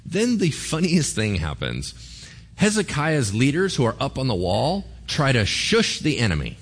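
Animated storytelling preacher man. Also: fairly high pitch, moderate pace, husky. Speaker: pastor. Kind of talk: sermon.

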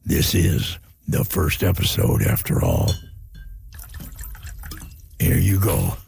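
A man playing a gravelly, boozy Mother Nature. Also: a bass voice, sing-song, a little mellow, a little hiss or hum, heavily acted. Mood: toasting. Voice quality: gritty, growly, smoke-soaked voice. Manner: slow, gruff toasting. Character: cranky hard-drinking Mother Nature, old male spirit. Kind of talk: podcast character acting.

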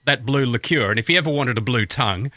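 A man with an Australian accent hosts a breakfast radio show, chatting casually and reading out listener messages. His medium-pitched voice is bright and forceful and he talks fast, picked up by a studio microphone in echo-free, studio-quality sound.

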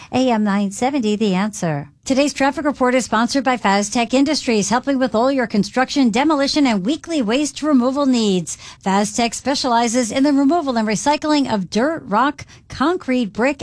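A woman reads the radio traffic report and sponsor messages in a brisk, practiced announcer manner. Her voice sits fairly high, with music playing clearly behind her. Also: dry recording.

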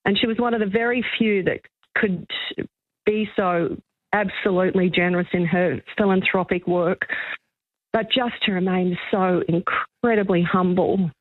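An older woman, calling in to a radio show. She tells a story in a chatty, halting way with many restarts and is emotional. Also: mid-range voice, fairly even intonation, dry recording. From Australia. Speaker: caller, magazine journalist. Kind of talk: phone-in storytelling on talk radio. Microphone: telephone. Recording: tinny phone line, dry.

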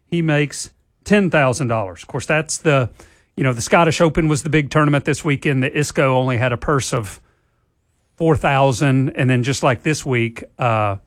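A man's voice: mid-range voice, normal speed, no echo, studio quality. A man hosting a casual sports talk show, reading the headlines and chuckling at his own slips. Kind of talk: casual sports radio chat.

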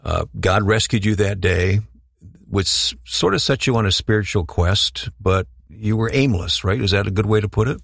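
A man with a very deep, gravelly voice hosts an interview. He guides his guest with short, probing questions. His voice sounds dry and close to the mic. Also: moderate pace, fairly bright tone, no echo.

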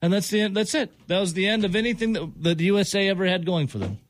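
A man's voice: sits high, animated, fast talker, slight background noise. A male sports talk host in an exasperated rant, hammering the same point over and over. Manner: exasperated, repeats points with emphasis.

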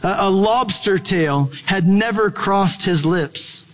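Male pastor, high voice, chatty sermon delivery with jokey asides, long reverb. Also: slow pace. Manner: conversational, playful asides.

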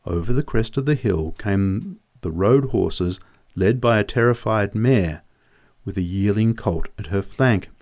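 A man's voice: on the low side, unhurried, a little mellow. A man narrating a story in a vivid, descriptive reading.

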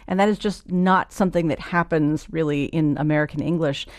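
A woman's voice: sits low, fairly quick, darkish tone, no echo. A woman hosting a radio talk show, asking curious, conversational questions. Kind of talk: interview hosting.

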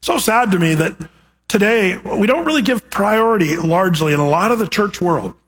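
Husky high-voiced preaching man. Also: animated, normal speed, fairly bright tone. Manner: conversational teaching with rhetorical questions. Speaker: pastor. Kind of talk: sermon.

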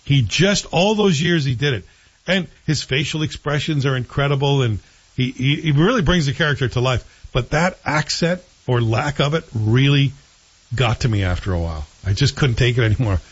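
A man co-hosting a show and chatting in an opinionated, animated way about TV series. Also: mid-range voice, brisk, slightly rough. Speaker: show co-host reviewing TV. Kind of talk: casual chat. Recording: dull lo-fi sound.

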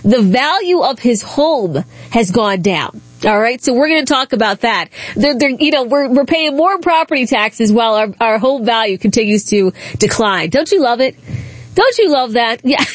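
A woman hosts a talk show in a nasal, high-pitched voice. She talks casually and sarcastically and laughs often. The sound is dry and close, with no room echo. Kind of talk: casual political commentary.

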